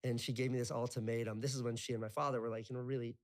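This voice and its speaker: A man's voice: medium pitch, little pitch movement, rapid-fire, a little mellow. A man in his thirties telling his life story as an interview guest, rambling with lots of filler words and casual swearing. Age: 30s.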